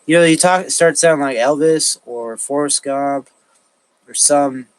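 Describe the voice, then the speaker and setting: A man's voice: fairly high pitch, clean tone, poor audio. Man rambling through a livestream. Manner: thinking aloud, halting with frequent restarts. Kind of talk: rambling solo livestream talk.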